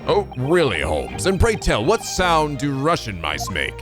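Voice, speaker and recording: A man's voice: mid-range voice, wildly swooping pitch, unhurried, over music. Guy reading as a flustered young student, dramatic, pretty much his normal voice. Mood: dry. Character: earnest young male law student, flustered but determined.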